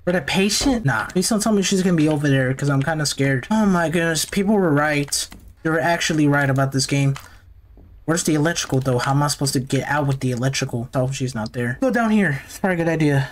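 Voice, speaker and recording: A man's voice: on the high side, quick pace, a little hiss or hum. Jumpy young man playing a horror game. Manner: jumpy, nervous, talks to himself. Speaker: gaming YouTuber.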